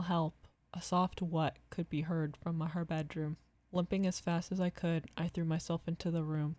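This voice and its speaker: A woman narrates a horror story in a calm, measured voice. Her voice sits low and mellow, with little rise and fall. The sound is dry and close. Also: no room sound.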